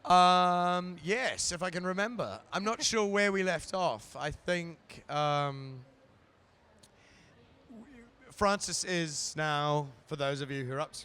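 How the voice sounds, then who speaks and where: A man from New Zealand with a New Zealand accent, an actor chatting playfully in a live interview, joking and often pausing with fillers. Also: a little high, bright, forceful tone, clear, resonant tone. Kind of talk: casual chat at a live event.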